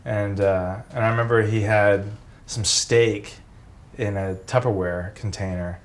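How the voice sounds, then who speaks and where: A man's voice: lowish voice, fairly even intonation, a little slow. A man in his forties, a former pro wrestler, casually telling road stories, laid-back and swearing freely.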